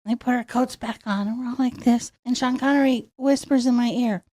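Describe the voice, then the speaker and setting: A woman who grew up in Miami, a podcast guest telling stories in an animated way and acting out the quotes. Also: a little high, a little fast. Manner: animated, acts out quotes in voices. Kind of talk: storytelling in a podcast interview. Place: studio.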